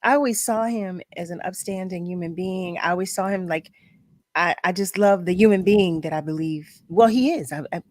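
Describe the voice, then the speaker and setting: A woman's voice: fairly low pitch, normal speed, a little mellow, dry recording. A woman hosting a radio talk show, telling candid stories and laughing often in casual chat. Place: broadcast studio.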